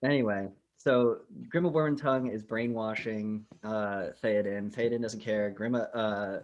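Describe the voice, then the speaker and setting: A man's voice: fairly low pitch, steady tone, unhurried, lo-fi sound. A man co-hosting a podcast, chatting casually and retelling scenes in a rambling, profane way full of fillers. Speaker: podcast co-host. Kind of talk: casual chat.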